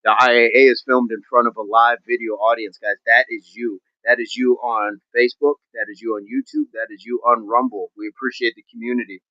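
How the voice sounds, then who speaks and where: A man of ordinary pitch closes out his fitness livestream, talking to his viewers in a loose, joking, rambling way. The sound is dry and a little muffled. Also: steady tone, fairly quick, hardly any pauses, dry recording. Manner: upbeat, rambling, jokey sign-off. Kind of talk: casual livestream chat to viewers.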